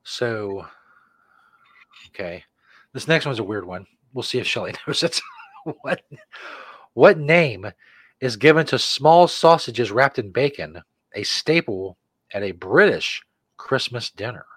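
A man co-hosting a casual podcast, reading trivia questions in a relaxed way. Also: medium pitch, a little slow, pauses often, breathy edge, dry recording. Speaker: podcast co-host.

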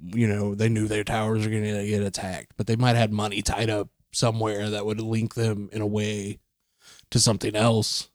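A man as a guest on a comedy podcast, chatting casually with wry, deadpan teasing. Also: lowish voice, moderate pace, no echo, studio quality.

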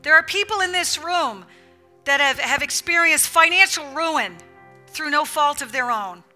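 A woman's voice: sits high, expressive, unhurried, pushed and bright, faint music behind. A woman preaching a fervent, emphatic sermon to a women's church gathering, with a repetitive preaching cadence.

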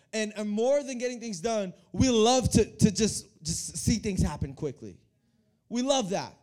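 A young male preacher with a mellow, warm voice and a fairly high pitch, talking straight to his congregation. He speaks with lively energy and often repeats words as he builds each point. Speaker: youth pastor. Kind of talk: energetic sermon. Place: church hall.

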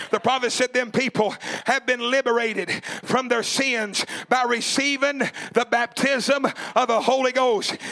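Fervent high-voiced man preaching a sermon. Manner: fervent, shouting in rising bursts; repetitive rhythmic preaching cadence. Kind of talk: Pentecostal sermon. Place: church before a congregation.

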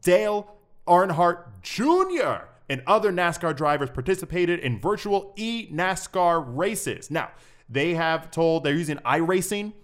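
A man playing a cheerful, show-off male esports sportscaster in a comedic podcast bit, talking in an excitable, hammy way. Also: high-pitched, a little slow, voice pushed up, heavily acted. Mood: chatty. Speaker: sports news segment persona.

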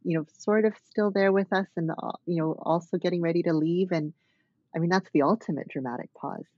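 A woman's voice: on the low side, fairly quick, darkish tone, breathy edge, no echo, lo-fi sound. A woman dance artist talking thoughtfully as an interview guest, with many fillers and restarts. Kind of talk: reflective conversational interview.

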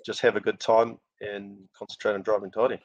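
A man's voice: lowish voice, fairly quick, no echo. A middle-aged man with a New Zealand accent, a rally driver telling stories as the guest in a casual podcast interview, laughing often. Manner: animated storyteller, laughs often. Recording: dull lo-fi dry sound.

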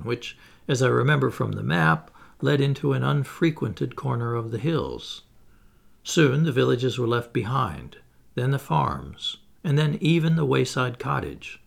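A man reading a classic novel aloud as scripted audiobook narration, in an expressive storytelling manner. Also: creaky. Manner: lively, expressive reading with animated pitch. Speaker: audiobook reader.

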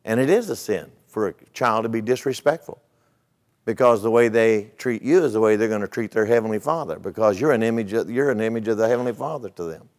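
A man's voice: on the low side, fast, darkish tone. Folksy male preacher telling a story. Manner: folksy storytelling with rhetorical questions. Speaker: pastor. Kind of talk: sermon.

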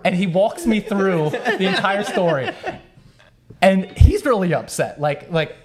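Young male podcast host, slightly high voice, animated storyteller who laughs through his tale. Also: normal speed. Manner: animated, laughs while telling, acts out voices. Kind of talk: casual storytelling.

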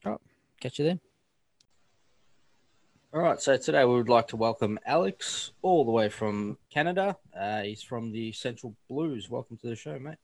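A man's voice: medium pitch, lively intonation, moderate pace, pauses often, dry recording. A man co-hosting a casual podcast, easygoing and matey as he welcomes a guest. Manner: laid-back, matey banter. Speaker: podcast co-host.

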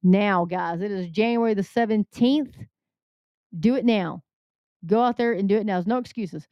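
A woman's voice: mid-range voice, moderate pace, dry recording. A middle-aged woman hosting a news commentary show, talking urgently and earnestly straight to her listeners. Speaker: host. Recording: slightly dull lo-fi sound.

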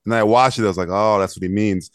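A man's voice: on the low side, steady tone, fast, clean tone, no room sound, studio quality. A man hosting a casual podcast chat, joking crudely and laughing often. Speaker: podcast host.

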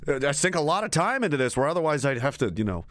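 A man's voice: a little high, sing-song, quick pace, a bit bright, dry recording. A man hosting a livestream show, rambling and swearing freely, laughing often as he reads chat comments aloud. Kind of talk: profane, rambling livestream rant.

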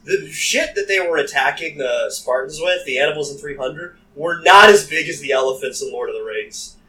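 A man's voice: on the high side, normal speed, sharp tone, far from the mic. Crude, joking young man on a podcast. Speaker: podcast co-host. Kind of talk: casual podcast chat.

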